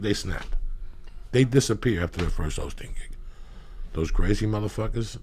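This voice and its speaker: A man hosting a podcast, telling profane comedic stories in rambling anecdotes with loud bursts of emphasis. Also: fairly low pitch, lively intonation, normal speed, slight background noise. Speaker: podcast host.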